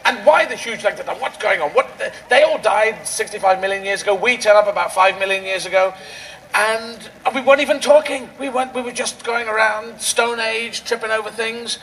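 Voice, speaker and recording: Male stand-up comic, high voice with gravelly fry, rambling absurdist riffs, outdoor rally stage mic. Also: a little fast, a bit bright, slight background noise, rough recording. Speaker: stand-up comedian. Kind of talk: stand-up comedy routine.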